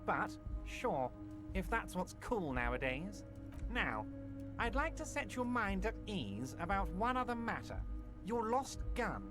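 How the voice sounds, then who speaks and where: A man voicing a smug, jovial middle-aged union boss who talks in a smooth, falsely reassuring way. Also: sits high, sing-song, a little slow, pitched above the performer's own voice. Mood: mock-soothing. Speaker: player voicing game characters. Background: game music.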